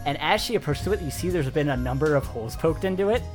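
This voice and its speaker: Relaxed game master narrating a scene. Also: medium pitch, fast, over music. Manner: relaxed narration with frequent fillers.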